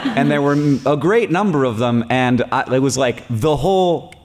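A man's voice: mid-range voice, expressive, normal speed, big-room sound, noisy background. A man in his forties hosting a live podcast on stage, telling rambling jokey stories and laughing often. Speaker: podcast host. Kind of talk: casual live podcast chat.

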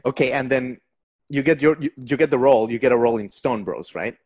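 A man's voice: medium pitch, fast, darkish tone. A man hosting a casual interview podcast, reacting eagerly and supportively to his guest. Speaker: podcast host.

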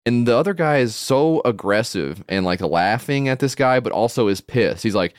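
A man's voice: mid-range voice, lively intonation, moderate pace, dry recording, studio quality. A man co-hosting a comedy podcast, telling a rambling, profane story and laughing through it. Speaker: podcast co-host.

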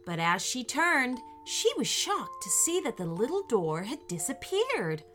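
A woman reading a children's story aloud in a gentle, expressive way, with faint music behind her. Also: sits high, unhurried. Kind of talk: scripted children's story narration.

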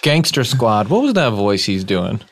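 A man's voice: on the low side, big pitch swings, moderate pace. A man co-hosting a podcast, chatty and joking in casual conversation. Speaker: podcast co-host.

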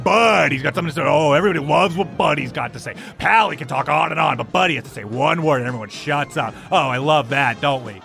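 A drunk, volatile older brother who lashes out in bitter, sarcastic rants, his voice raised and gravelly. A man plays him in a tabletop game. He talks fast and with a bright edge. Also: a little high, soft background music. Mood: sarcastic grumbling. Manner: belligerent, sarcastic ranting.

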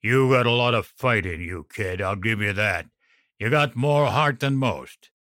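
A man's voice: on the low side, lively intonation, measured pace, a bit bright, no echo, studio quality. A man voicing a brutal, foul-mouthed adult male biker who snarls profane threats. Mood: taunting.

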